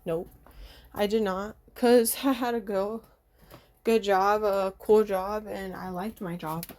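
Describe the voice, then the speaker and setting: Young woman, blunt and frustrated, swearing freely in a home vlog; mid-pitched voice over steady background noise. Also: takes it slowly. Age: young adult. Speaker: vlogger. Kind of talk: candid personal vlog.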